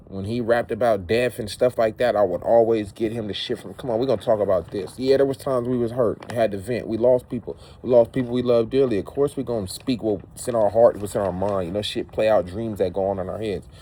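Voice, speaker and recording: A man's voice: fairly low pitch, warm tone. A man speaking in an emotional, rambling personal monologue, repeating words for emphasis. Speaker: vlogger.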